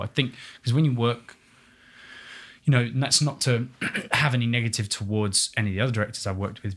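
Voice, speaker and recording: A man talking as a guest, with a bright, forward tone and a husky edge to his voice. He is chatty and animated, and fills his stories with asides and imitations. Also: mid-range voice. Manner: chatty and animated, full of fillers and quoted voices. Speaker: guest, stage performer. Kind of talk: casual interview chat.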